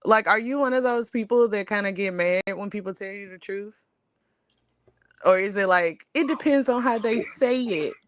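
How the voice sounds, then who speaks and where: A woman with a Southern US accent co-hosting a casual barbershop-style chat, talking in a loose, animated way full of fillers. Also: medium pitch, moderate pace, no room sound. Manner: animated, drawling, lots of fillers. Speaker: podcast co-host.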